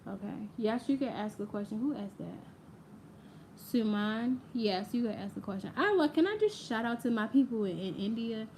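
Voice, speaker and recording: A young woman with a fairly high, lively voice hosts a casual tarot reading on a live stream, speaking at normal speed. Chatty and playful, she talks straight to her viewers while quiet ambient audio plays, with a little hiss or hum in the recording.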